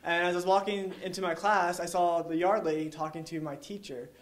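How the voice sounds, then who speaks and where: Young male storyteller, slightly high voice, loose and rambling with constant "like", laughs at his own story. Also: fairly even intonation, a little fast, slight background noise. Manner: rambling, heavy use of "like", chuckles while telling. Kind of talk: live storytelling to an audience.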